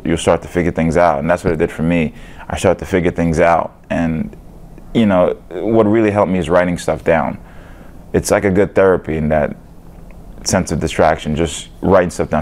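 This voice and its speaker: A young man with a very low, deep voice talks through an interview at an easy, unhurried clip. He is a fighter, and he rambles casually, dropping "you know" and "man" between thoughts. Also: darkish tone.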